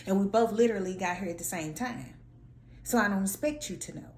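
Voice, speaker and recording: A woman vlogger telling a story in a sassy, animated, slangy way, acting out her own lines. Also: medium pitch, brisk, roomy sound. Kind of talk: casual storytelling rant.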